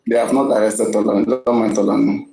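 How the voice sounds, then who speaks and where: A man's voice: on the low side, little pitch movement, quick pace, vocal fry, mellow, roomy sound, rough recording. A man with a Nigerian accent hosting a casual live-stream gossip talk, emphatic and often repeating his words.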